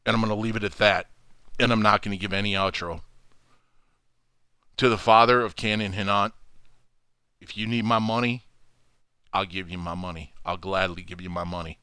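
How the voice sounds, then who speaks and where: A man hosting his own channel, ranting furiously to camera from home with heavy swearing and loud outbursts. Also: fairly low pitch, normal speed, pauses often, smooth, no echo, clean studio sound. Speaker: channel host. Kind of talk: angry profane rant to camera.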